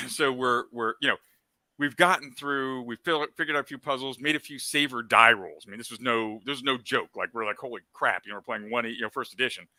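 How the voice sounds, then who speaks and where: A man with a strikingly bright, forceful voice rambles through gaming anecdotes, stacking up fillers and excited asides. The sound is close and very dry, with no room around it. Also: medium pitch, a little fast, dry recording. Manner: excitable and animated when retelling. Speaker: special guest on a gaming talk show. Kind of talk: casual storytelling chat.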